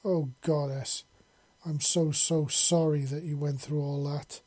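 Man doing warm effusive young woman. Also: normal speed, husky. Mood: wailing. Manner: effusive, raised pitch. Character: warm emotional young human woman, affectionate.

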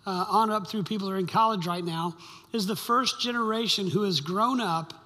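A pastor, preaching a conversational, joking sermon to a congregation. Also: male voice, sits high, fairly quick, bright, forceful tone. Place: church sanctuary. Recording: long hall reverb.

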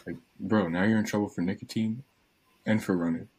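A teenage guy with a low, husky voice, casually telling his friends a long story. He keeps jumping into quoted dialogue, acting out each line as it happens. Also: fast talker, poor audio. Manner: animated storyteller, acts out quotes.

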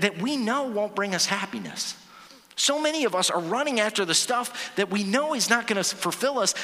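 Male pastor, 40s, high and sharp-edged voice, casual sermon, lots of restarts, churchy hall reverb. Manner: conversational, repeats and restarts words, asks the audience questions.

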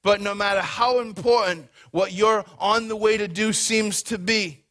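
Bright, high-voiced preaching man. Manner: energetic, conversational preaching with quick bursts. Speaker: pastor. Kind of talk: sermon. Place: church hall before a congregation.

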